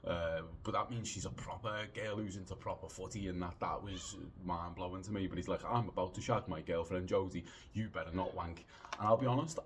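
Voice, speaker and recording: A man in his late thirties casually telling a rambling anecdote, animated, swearing freely and filling pauses with lots of "uh"s. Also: sits low, slight background noise. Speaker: podcast storyteller.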